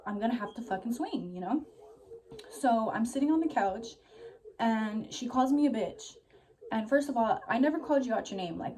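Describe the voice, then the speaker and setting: Casually rambling through a story, this young female vlogger swears freely, overuses "like," and sounds a little short of breath. The voice sits at medium pitch with a darkish tone.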